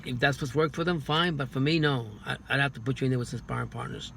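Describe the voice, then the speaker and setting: A man giving his take as a guest on a casual boxing talk show, halting, with many restarts and repeated words. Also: mid-range voice, fairly even intonation, creaky, fairly bright tone, slight background noise. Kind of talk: casual podcast chat.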